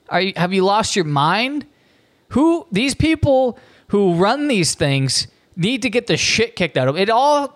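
A man hosting a comedy show, delivering a profane, incredulous rant with frequent stumbles and restarts. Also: sits high. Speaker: podcast host.

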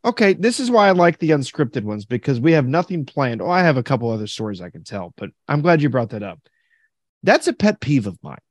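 A man's voice: medium pitch, very animated, a little fast, dry recording, clean studio sound. A man hosting a podcast in casual chat, telling stories animatedly and acting out other people's lines. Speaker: podcast host.

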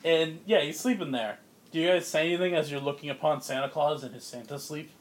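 Guy game-mastering a dumb funny rpg, kinda high voice, rambly, laughs a lot. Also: fairly quick, slight background noise. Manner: loose, laughing, filler-heavy narration. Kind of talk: narrating a comedy tabletop game.

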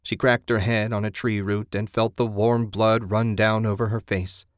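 A man reading a horror story aloud in a steady, grim voice. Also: lowish voice, moderate pace, no echo, studio quality.

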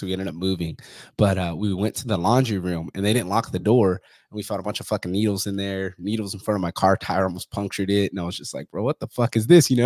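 Fast-talking, low-voiced male podcast host. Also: darkish tone, no echo, studio quality. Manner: profane, rambling, says "you know" and "like" a lot. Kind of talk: casual conversation.

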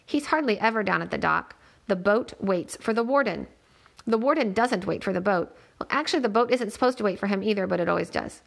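A woman reading a novel aloud in a steady, plain storytelling manner. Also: medium pitch, a little fast, creaky. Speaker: reader.

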